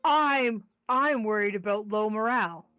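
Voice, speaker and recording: A woman's voice: medium pitch, moderate pace, fairly bright tone, clean tone, no room sound, soft background music. A woman playing in a tabletop role-playing game, hesitant at first and playful. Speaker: player. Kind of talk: casual tabletop play.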